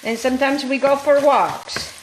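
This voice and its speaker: A woman from Calabria hosting a cooking vlog in her home kitchen, talking in an animated, digressive way and often addressing the viewers as guys. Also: sits high, normal speed. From Calabria, Italy. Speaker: cooking show host. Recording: echoey kitchen, faint cooking noise. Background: sizzling pan, stirring.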